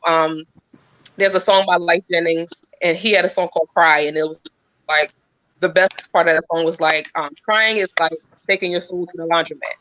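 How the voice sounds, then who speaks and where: A woman on a video call giving a sincere, encouraging talk, earnest and pausing with frequent ums. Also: fairly low pitch, a bit bright, dry recording. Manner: earnest, many pauses and filler ums. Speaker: guest speaker. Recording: dull, dry lo-fi sound.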